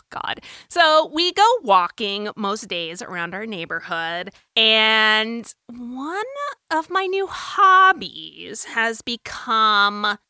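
Bright, chatty mom confessing. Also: female voice, fairly high pitch, big pitch swings, slow, clean tone, no echo, clean studio sound. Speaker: podcast co-host. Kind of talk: casual chat.

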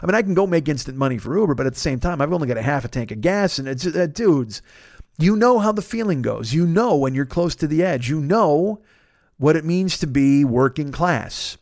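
A man's voice: a little high, animated, brisk, a little mellow, no room sound, clean studio sound. A man hosting a podcast, telling a long personal story in a casual, profane and exasperated way into a microphone. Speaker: podcast host.

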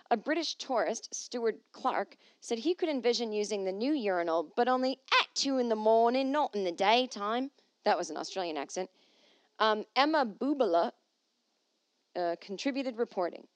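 A woman hosting a comedy podcast from home, reading aloud with animated, sarcastic asides in a casual monologue. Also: fairly high pitch, normal speed, no echo.

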